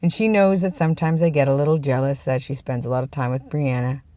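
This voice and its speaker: An earnest young man talks through a personal vlog, circling back and restarting his thoughts as he goes. His pitch sits in an ordinary middle range, and the sound is dry and close with no room around it. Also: fairly even intonation, fast talker, dark tone, no echo. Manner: earnest, rambling, with frequent restarts. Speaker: vlogger. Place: outdoors, about to go inside.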